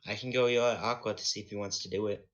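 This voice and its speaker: A man's voice: on the low side, fairly even intonation, very fast, a bit bright, highs cut off. Playful man in voice chat. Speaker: player. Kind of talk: casual voice chat.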